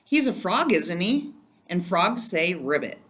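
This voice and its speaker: Lady reading as a curious cheery husband, eager and playful, a bit higher than her usual voice. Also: big pitch swings, unhurried, fairly bright tone. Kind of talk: children's book read aloud.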